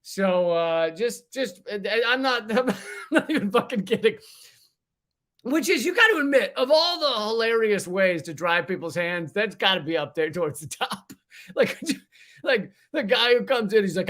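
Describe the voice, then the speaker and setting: Man, livestream host, high voice, bright tone, profane, joking, casual political rant. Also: animated, moderate pace. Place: hot room without a fan.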